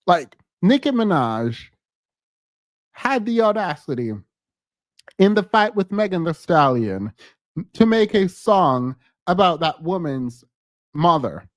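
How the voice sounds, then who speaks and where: A man's voice: high voice, dry recording. A man giving casual, chatty commentary on celebrity drama, laughing often as he talks. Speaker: pop culture commentator.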